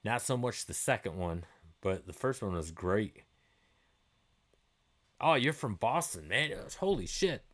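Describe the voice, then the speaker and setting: A man's voice: lowish voice, big pitch swings, a little slow, long pauses, fairly bright tone. A middle-aged man hosting a livestream, chatting loosely with viewers, swearing freely and laughing easily. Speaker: livestream host. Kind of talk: casual chat answering viewer comments.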